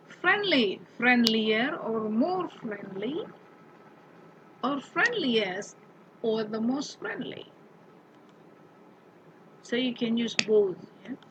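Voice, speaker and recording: A woman's voice: fairly high pitch, a bit bright, muffled recording, a little hiss or hum. A woman teaching an English grammar lesson. She patiently repeats example words and keeps asking the class questions.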